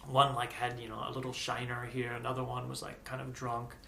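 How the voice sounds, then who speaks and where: An American man telling a personal story in a casual, animated way, acting out the voices of the people he quotes. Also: mid-range voice, fairly quick, gravelly, slight background noise. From United States. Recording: echoey room.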